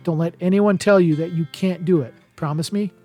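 A man reading the lines of a gentle, encouraging middle-aged woman president in an audiobook. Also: fairly low pitch, fairly quick, faint music behind, close to an everyday voice.

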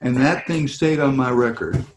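On a video call with a fan, a celebrity doing meet-and-greets swaps casual anecdotes at a moderate pace in a mid-range voice, animated, laughing a lot and acting out voices. The room is echoey, with a little hiss or hum.

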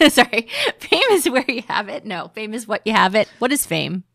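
Woman podcast host, animated chatter, lots of likes, bright tone. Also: a little high, moderate pace, creaky, dry recording, clean studio sound. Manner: animated, chatty, self-deprecating, many "like"s. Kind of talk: casual chat.

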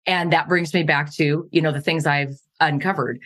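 A woman's voice: deep voice, steady tone, normal speed, fairly bright tone. A middle-aged woman from Montana telling her life story candidly as a podcast guest, earnest and laughing at painful memories.

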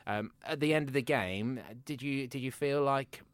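A man's voice: mid-range voice, moderate pace, clean tone, no echo. A man, hosting a football podcast in a radio studio, asking questions hesitantly with many fillers and repeated words. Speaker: podcast host. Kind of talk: casual football podcast chat.

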